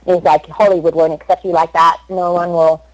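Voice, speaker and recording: A young Australian woman, a voice actress, chatting in an interview and telling stories in an animated, laughing way. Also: lowish voice, brisk, no echo, lo-fi sound. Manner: chatty, animated storyteller who laughs often. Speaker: voice actress guest. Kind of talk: casual interview chat.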